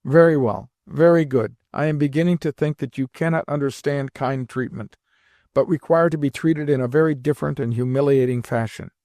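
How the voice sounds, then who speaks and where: A man's voice: medium pitch, brisk, warm tone, no echo, studio quality, close to an everyday voice. A man voicing a proud, stern old grandmother who scolds her grandson with emphatic, imperious words.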